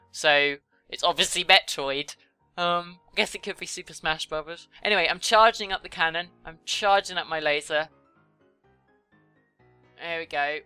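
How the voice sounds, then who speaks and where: A young YouTuber chats casually while she draws, giggling and poking fun at herself. Her lowish voice sounds pushed and bright, with a clean tone on a dry recording.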